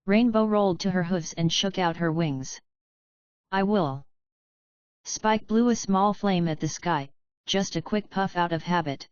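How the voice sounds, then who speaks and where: A woman narrating a fanfic audiobook in an even, synthetic-sounding delivery. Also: on the low side, normal speed, clear, resonant tone, no room sound, dull audio. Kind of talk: scripted narration.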